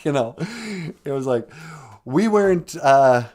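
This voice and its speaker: A man's voice: medium pitch, expressive, unhurried, darkish tone. A man hosting a podcast in casual, jokey chat, teasing his co-host and greeting listeners. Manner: jokey, teasing, calls people sweetie.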